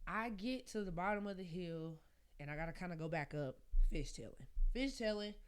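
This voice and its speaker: A woman podcast co-host telling a story in animated casual chat, often laughing. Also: on the low side, fairly quick, clean tone.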